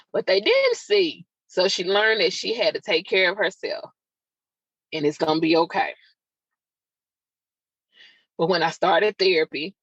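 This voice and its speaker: A woman's voice: on the low side, a bit bright, breathy edge, dry recording. A woman hosting a podcast, telling a personal story in an emotional, raw and confiding way, with chatty asides to her listeners. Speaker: podcast host. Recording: dull lo-fi sound, dry.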